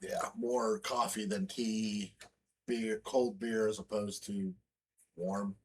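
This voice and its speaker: A man's voice: on the low side, little pitch movement, slow pace, husky. A man co-hosting a casual podcast, joking and teasing in playful banter. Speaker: co-host.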